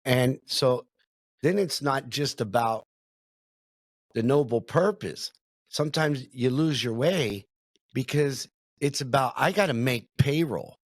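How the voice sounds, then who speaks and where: A man's voice: mid-range voice, slow, long pauses, dry recording, clean studio sound. A middle-aged man hosting a sales podcast, talking in a reflective, casual way with lots of filler phrases. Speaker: podcast host, sales consultant.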